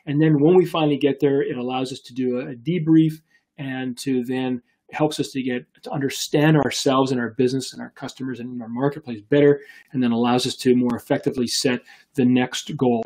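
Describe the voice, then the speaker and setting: A man in his fifties, a business coach hosting a live show, telling a story in a chatty, animated way with many fillers and restarts. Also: mid-range voice, fast.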